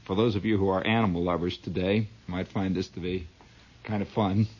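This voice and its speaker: A man's voice: deep voice, fairly even intonation, fairly quick, a little mellow, breathy edge. A man telling a comic story as a dramatic monologue, adding his own sound effects, on a dull lo-fi recording. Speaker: comedian.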